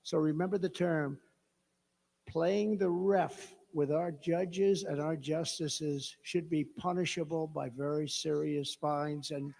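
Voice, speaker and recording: A man's voice: a little high, steady tone, slow pace, creaky, darkish tone. A man giving a rambling, off-the-cuff rally speech as a political candidate, emphatic and mocking, repeating his phrases. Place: large rally venue. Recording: long-reverb rally PA sound.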